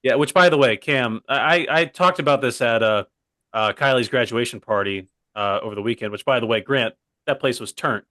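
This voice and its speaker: A man's voice: mid-range voice, a little fast, bright, forceful tone, dry recording, studio quality. Rambling young man on a podcast. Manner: rambling, digressive, keeps saying "by the way". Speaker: co-host. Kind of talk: casual comedy podcast chat.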